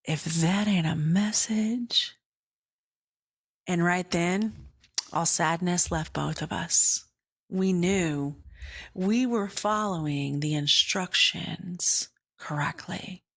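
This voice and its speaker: A woman podcast host telling a personal faith story in an earnest way, often dropping into a hushed whisper. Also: on the low side, breathy edge, no room sound, studio quality. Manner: earnest, slow, drops into whispers.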